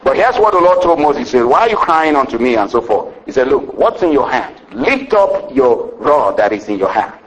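A man preaching a sermon to a congregation, calling for amens and rising to excited shouts. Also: mid-range voice, brisk, few pauses, rough recording. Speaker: pastor.

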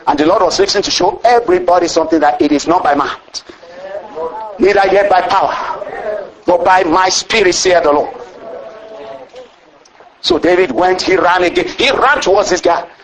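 High-voiced animated preacher man. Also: moderate pace, long pauses, poor audio. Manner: animated, bursts of exclamation and chuckles. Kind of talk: storytelling sermon.

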